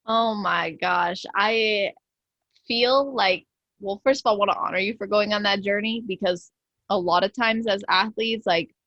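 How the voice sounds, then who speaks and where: A woman's voice: mid-range voice, a bit bright, dry recording, lo-fi sound. A woman hosting a podcast interview, effusive and affirming, talking casually with lots of fillers. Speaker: podcast host.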